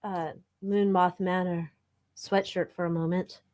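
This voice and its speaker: A woman's voice: fairly low pitch, level tone, unhurried, a little mellow. A woman co-hosting a live tarot stream, chatting in a playful, bubbly way and swearing casually. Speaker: tarot reader co-host. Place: home room.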